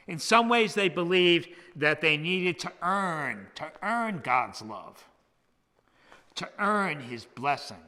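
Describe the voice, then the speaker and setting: Older male priest, slow and emphatic sermon voice, bright tone, long church reverb. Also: fairly high pitch. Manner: measured and emphatic, drops to a hush on key words. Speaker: priest preaching, former hospital chaplain. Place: church sanctuary.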